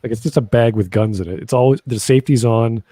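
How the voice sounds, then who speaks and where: A man explains things calmly in casual chat. His voice is dark and mellow, and the recording is close and dry. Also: mid-range voice, fast talker, breathy edge, no echo.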